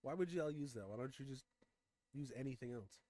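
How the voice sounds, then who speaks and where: A man's voice: mid-range voice, fairly quick, crowd noise. A man reacting to memes in blunt, casual commentary, swearing freely. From United States.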